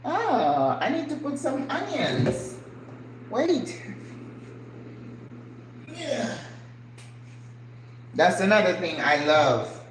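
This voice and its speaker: A woman's voice: medium pitch, huge pitch swings, extremely slow, long pauses. An older woman hosting her channel, chatting earnestly and emotionally while cooking at home. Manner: earnest, emotional, rhetorical questions. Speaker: channel host. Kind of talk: casual chat while cooking. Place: home kitchen. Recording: echoey kitchen, faint ambient noise.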